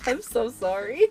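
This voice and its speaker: A woman chatting casually and giggling while streaming a video game. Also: extremely high pitch. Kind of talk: casual live-stream gameplay chat.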